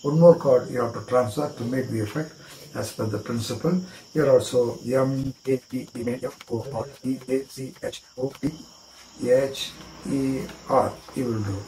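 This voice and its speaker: A man with an Indian English accent walks through a card trick, spelling words out one letter at a time and repeating little chants. His voice is mellow and warm. The room is echoey, with faint crickets behind him. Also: mid-range voice, fairly even intonation, normal speed, a little hiss or hum. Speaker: magic teacher.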